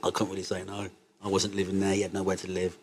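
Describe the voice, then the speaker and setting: A man, an interview guest telling stories in a loose, sweary, animated way and laughing as he goes. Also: sits low, quick pace, husky. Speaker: interview guest, cannabis entrepreneur. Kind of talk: casual interview storytelling.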